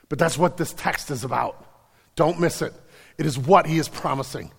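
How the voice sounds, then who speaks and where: Man preaching with hushed, swelling delivery. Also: a little high, moderate pace, creaky, long pauses, breathy edge, in a large hall. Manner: swings from hushed whispers to loud emphatic preaching; repeats words and restarts when stressing a point. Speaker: pastor. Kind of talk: sermon.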